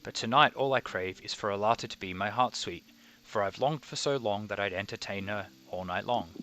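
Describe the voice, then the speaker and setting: A man's voice: on the low side, brisk, a bit bright, close to an everyday voice. A man voicing a pompous, lovesick male circus harlequin who misuses grand words, read aloud over a game. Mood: theatrical. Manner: grandiloquent, uses big words wrongly. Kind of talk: reading game dialogue aloud.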